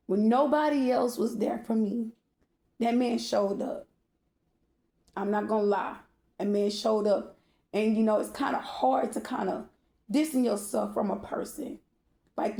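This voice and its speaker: Candid woman with a mellow voice, echoey room. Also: medium pitch, creaky. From Baltimore. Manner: candid, profane, speaks straight to viewers. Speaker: storyteller. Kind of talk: emotional personal storytime.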